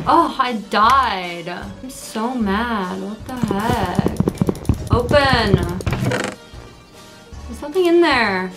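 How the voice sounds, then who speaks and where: A young woman giving casual, excitable commentary while playing a video game for the first time, yelping at enemies. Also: on the high side, drawn-out words, loud music behind the voice. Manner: excitable, yelps and scolds at enemies. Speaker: gaming creator. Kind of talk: casual let's play commentary.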